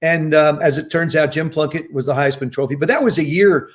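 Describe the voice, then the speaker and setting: A man in his seventies, originally from New Jersey, speaks as a podcast guest in a fairly high voice. He tells long anecdotes in a relaxed, conversational way and slips into lively impressions whenever he quotes someone. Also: a little fast. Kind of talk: casual storytelling interview.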